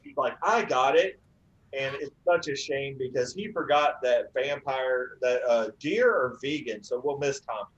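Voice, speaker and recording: A male stand-up comedian tells his stories in a dry, unhurried way, often pausing on "uh". His voice sits at an ordinary pitch. The recording is slightly muffled and dull. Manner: dry storytelling with filler "uh"s. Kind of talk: stand-up set.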